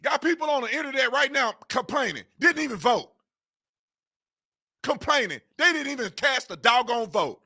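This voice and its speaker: A man's voice: very high voice, lively intonation, moderate pace, sharp tone, breathy edge. A man hosting his own political commentary channel, ranting in exasperation and firing off repeated rhetorical questions in informal speech.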